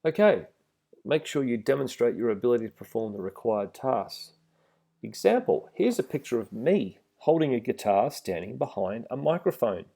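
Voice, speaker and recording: A middle-aged man giving a relaxed, plain-spoken instructional talk to trainee driving instructors, with some fillers. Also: mid-range voice, moderate pace, creaky. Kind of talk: instructional voice-over with slides.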